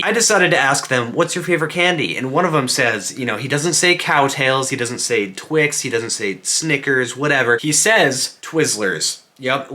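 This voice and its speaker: Young male vlogger, bright tense tone, animated joking rants, casual. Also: mid-range voice. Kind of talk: casual comedic vlog monologue.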